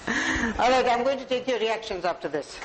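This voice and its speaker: A woman's voice: a little high, expressive, fast talker, slight background noise, low-quality recording. A woman with an Indian English accent giving a motivational talk to a live audience, speaking directly to listeners and calling on them by name. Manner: warm, direct, addresses audience members by name.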